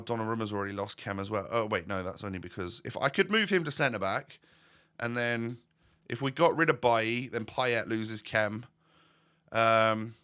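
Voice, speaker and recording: A man's voice: medium pitch, bright, forceful tone, clean tone. A man giving casual commentary over gameplay as a YouTuber, chatty and thinking aloud while asking viewers questions. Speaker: gaming YouTuber.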